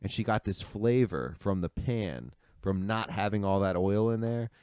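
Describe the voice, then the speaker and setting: A man's voice: lowish voice, normal speed, darkish tone, smooth, no echo, studio quality. A man chatting casually as a podcast co-host, rambling through a story with lots of "dude" and "like" and casual swearing. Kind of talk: casual chat.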